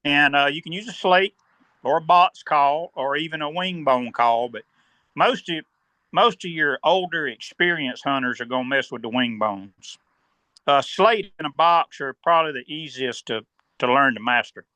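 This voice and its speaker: A man with a Southern US accent, calmly explaining turkey hunting step by step as a podcast guest and often clearing his throat. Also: a little high, normal speed, no echo. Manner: steady, instructive, step-by-step.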